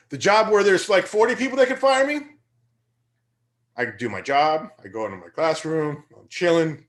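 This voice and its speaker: A young male teacher delivers a motivational lecture that's conversational and energetic, building into emphatic bursts. His voice sits high, and he keeps a moderate pace.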